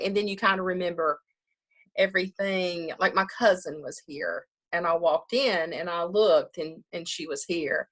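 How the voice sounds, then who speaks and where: A woman's voice: fairly low pitch, a bit bright. A woman funeral director talking casually in an interview, chatty, often laughing and acting out what people say.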